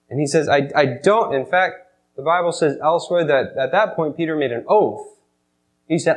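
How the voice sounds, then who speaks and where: A man preaching a sermon, retelling a scene dramatically and swinging between loud emphasis and hushed, slow passages. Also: on the high side, rough recording. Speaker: pastor.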